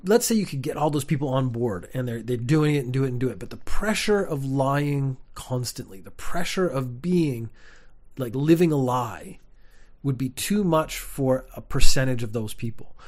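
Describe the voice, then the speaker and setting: Man, young adult, casual comedic monologue, rambling, deadpan asides, mid-pitched voice. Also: fairly quick. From Canada.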